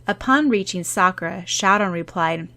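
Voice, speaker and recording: A woman narrating a fan-fiction audiobook in an even, steady storytelling way. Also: medium pitch, normal speed, gravelly.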